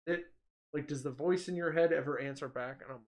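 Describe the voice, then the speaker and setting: A man's voice: on the high side, fairly quick. A man in casual chat, telling stories animatedly, laughing often and acting out quotes.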